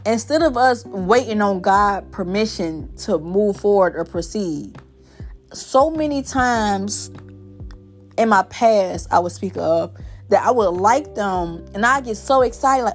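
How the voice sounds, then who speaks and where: A young woman talking candidly and at length in a personal podcast monologue, rambling with many fillers. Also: medium pitch.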